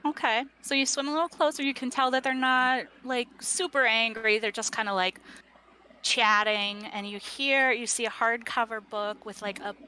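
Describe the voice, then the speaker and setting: Give me a bright, slightly high woman game master who rambles as she narrates. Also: steady tone, normal speed, a little hiss or hum. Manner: rambling, heavy on fillers.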